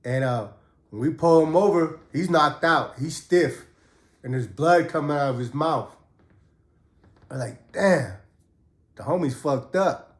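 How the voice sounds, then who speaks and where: A man's voice: on the high side, a little slow, pauses often. Laid-back man telling stories, roomy echo. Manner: laid-back, profane, acts out quotes in a raised voice. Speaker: host telling prison stories. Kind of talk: casual storytelling.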